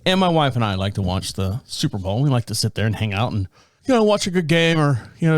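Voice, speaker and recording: A man's voice: medium pitch, no echo. Rambling middle-aged man, dry close mic. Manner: rambling, self-deprecating, swears freely. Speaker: podcast host. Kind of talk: casual chat.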